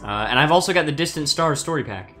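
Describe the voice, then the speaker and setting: A man's voice: a little high, lively intonation, quick pace, bright, forceful tone. A man streaming a strategy game, chatting casually, laughing often and reading chat aloud. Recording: faint background music.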